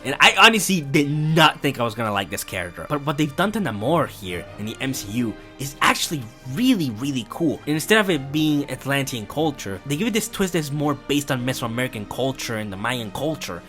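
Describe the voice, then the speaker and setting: A man gushing through a casual movie review in a profane, animated way. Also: mid-range voice, fairly quick, hardly any pauses, soft background music. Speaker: film reviewer.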